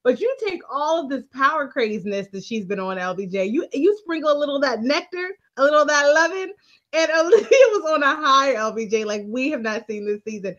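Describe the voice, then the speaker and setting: Woman co-host, high and expressive, lo-fi sound; playful storyteller who laughs a lot. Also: fairly quick. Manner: animated storytelling, laughing often, keeps addressing co-host. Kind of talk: casual recap chat.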